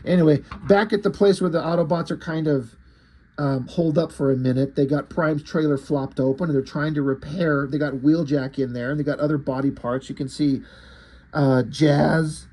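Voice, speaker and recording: A man's voice: fairly high pitch, steady tone, normal speed, warm tone. A man casually recapping and reviewing a comic book, chatty with fillers and some swearing.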